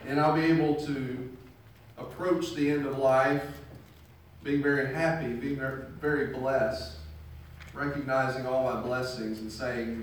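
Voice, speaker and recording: A man's voice: mid-range voice, fairly even intonation, a little slow, slight background noise. A man preaching a sermon in a conversational storytelling manner, making earnest appeals to his listeners. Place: church hall. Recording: very echoey hall, mic at a distance.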